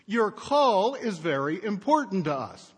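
Bland automated phone-menu voice put on by a male preacher, slow and somewhat high, with a long echo. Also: big pitch swings, slightly rough, heavily acted. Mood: recorded politeness. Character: automated pharmacy phone menu voice, flat and polite.

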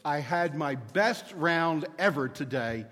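A man voicing a golfer husband who calmly explains himself away, recorded in an echoey church. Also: a little high, takes it slowly, exaggerated voice. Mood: sheepish. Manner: matter-of-fact, excusing himself. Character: sheepish husband home from golf.

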